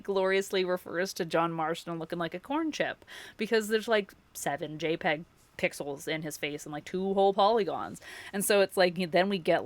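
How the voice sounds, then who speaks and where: A woman's voice: lowish voice, no echo. A woman livestreamer chatting casually with her viewers, effusive and chatty, full of filler words and laughs.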